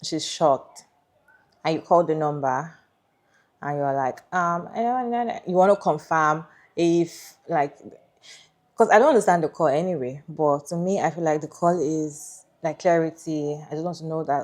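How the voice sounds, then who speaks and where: Opinionated low-voiced woman. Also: fairly even intonation, a little mellow. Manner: opinionated, thinking aloud with pauses. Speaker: commentator reacting to a story. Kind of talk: casual commentary.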